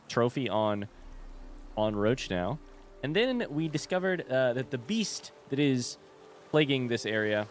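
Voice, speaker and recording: A young man commenting casually on a game he plays, giggly and rambling, tired late at night. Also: mid-range voice. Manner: giggly, rambling, self-deprecating. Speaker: let's play host.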